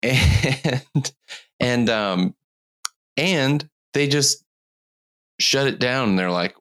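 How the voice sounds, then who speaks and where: Giggly, slow-talking, tired podcast host. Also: mid-range voice, animated, a bit bright. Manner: giggly, rambling storyteller. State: tired from lack of sleep. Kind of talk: casual podcast chat.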